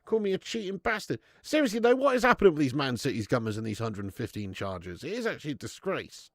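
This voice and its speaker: A man's voice: on the high side, big pitch swings, fast talker, a bit bright, no room sound, clean studio sound. A man hosting a live football watch-along from his garage, chatting casually and swearing while reading out viewer messages. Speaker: fan channel host. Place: home garage streaming setup. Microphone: streaming setup.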